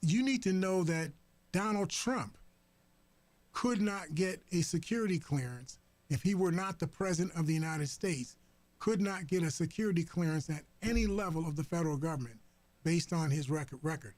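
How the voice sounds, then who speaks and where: A man hosting a talk radio program, commenting on the news in a halting way, full of fillers and restarts. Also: fairly high pitch, darkish tone, no echo. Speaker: radio host. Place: radio studio. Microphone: studio microphone.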